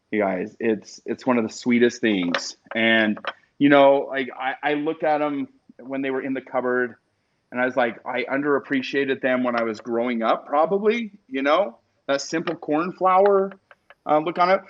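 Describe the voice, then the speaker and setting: Speaking at normal speed with a medium-pitched voice, a man hosts a live stream and chats casually with his viewers in an emotional way. The audio is dull lo-fi stream sound.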